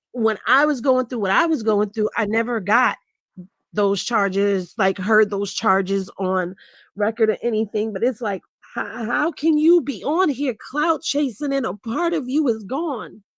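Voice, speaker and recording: A woman's voice: on the high side, unhurried, dry recording. A middle-aged woman blogger giving candid, emotional livestream commentary, earnest and repeating herself for emphasis.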